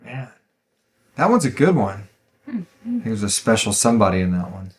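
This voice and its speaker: A man's voice: on the low side, wildly swooping pitch, moderate pace. Laid-back man hosting a podcast. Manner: laid-back, rambling, stumbles and laughs while reading. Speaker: podcast writer and host reading listener reviews. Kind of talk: casual podcast chat.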